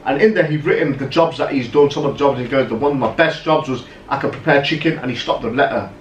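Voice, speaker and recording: A man's voice: medium pitch, fast, distant mic, muffled recording. Chatty man, roomy and off-mic. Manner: animated storyteller, lots of "right?" and "yeah?" asides. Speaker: podcast co-host. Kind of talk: casual chat. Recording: roomy echo, off-mic, faint noise.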